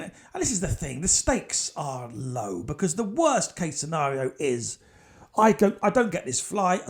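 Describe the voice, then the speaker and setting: A comedy host telling a story off the cuff. He is animated and rushes ahead as the tension builds. His voice sits high for a man.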